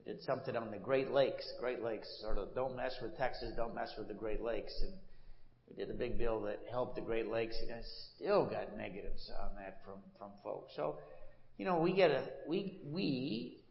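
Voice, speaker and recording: A man, a lawmaker, chatting on stage in a halting, folksy way, full of fillers and restarts. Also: medium pitch. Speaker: congressman and co-guest. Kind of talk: casual stage conversation. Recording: dull, echoey hall with long reverb.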